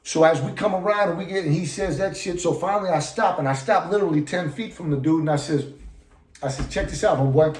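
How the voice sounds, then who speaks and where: A man's voice: fairly high pitch, fast talker. A man from California, a podcast guest telling a story in heavy street slang and profanity, acting out the lines of the people in it. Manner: profane street slang, constant "you know what I'm saying"; acts out quoted dialogue. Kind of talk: casual storytelling. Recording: roomy echo.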